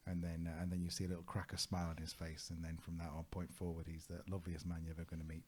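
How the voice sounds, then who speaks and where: Low-voiced, husky male podcast co-host. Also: fairly even intonation, fast talker, mellow. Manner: chatty anecdotal, laughs often, searches for words. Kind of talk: casual conversational storytelling.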